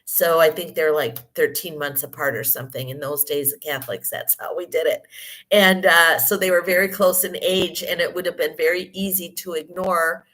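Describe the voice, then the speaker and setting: A woman with a fairly low voice, still croaky from a recent cold and her first words of the morning. She explains a health topic at length in a loose, conversational way, with frequent ums and small self-corrections. The recording was made in a hotel room. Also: steady tone, normal speed, a bit bright. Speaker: podcast host. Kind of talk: casual explanatory monologue.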